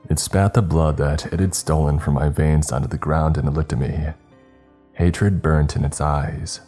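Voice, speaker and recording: A man narrating a first-person horror story in a steady, grave way. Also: extremely low pitch, normal speed, faint music behind.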